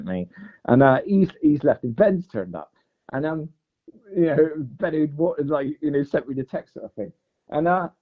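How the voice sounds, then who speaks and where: A man telling a long fishing story in casual chat, full of "mate" and "like". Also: mid-range voice. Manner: animated storyteller, says "mate" and "like" a lot. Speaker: podcast guest. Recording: dull lo-fi podcast audio.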